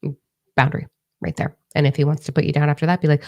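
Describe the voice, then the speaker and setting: A woman's voice: low-pitched, steady tone, quick pace, creaky, darkish tone. A woman giving a casual spiritual energy forecast, frank and encouraging, swearing freely as she coaches her viewers.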